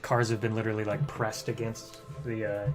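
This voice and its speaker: A man's voice: fairly low pitch, completely flat delivery, fairly quick. A man narrating a horror tabletop game as game master, laughing often and describing scenes with frequent fillers. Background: music.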